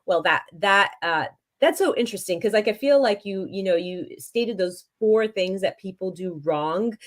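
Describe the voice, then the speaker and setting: A woman hosts a business podcast interview, speaking at a normal speed in a medium-pitched voice. Her manner is chatty and casual, with frequent restarts and fillers.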